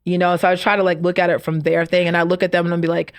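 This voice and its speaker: A woman's voice: on the low side, little pitch movement, rapid-fire. A woman podcast guest talking casually, with lots of fillers like "like" and "you know". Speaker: podcast guest, networking group founder. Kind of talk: casual conversation.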